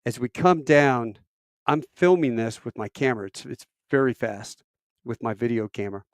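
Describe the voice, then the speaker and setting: Animated middle-aged man telling a story. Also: normal speed, dry recording, studio quality. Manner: animated, acts out quoted voices with big pitch jumps; self-deprecating, rambling with fillers. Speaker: military veteran storyteller. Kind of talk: casual storytelling.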